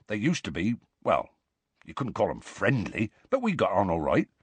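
A man voicing a gruff, rough-spoken giant gamekeeper who talks in clipped, grumbling country phrases. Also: mid-range voice, big pitch swings, normal speed, a bit bright, dry recording.

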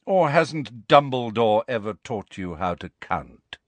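A man's voice: big pitch swings, no room sound. A man doing a drawling sneering aristocrat villain. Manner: low, slow, sneering drawl.

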